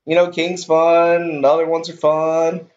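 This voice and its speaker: A man's voice: fairly high pitch, monotone, unhurried, darkish tone, reverberant. A man streaming a racing game live, talking casually in a rambling, easygoing way and often repeating himself. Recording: dull lo-fi stream audio.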